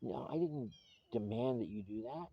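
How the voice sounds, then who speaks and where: A man's voice: medium pitch, expressive, normal speed, slightly rough, no echo, muffled recording. A man recording a personal video message to his estranged wife, earnest and pleading, often restarting his sentences.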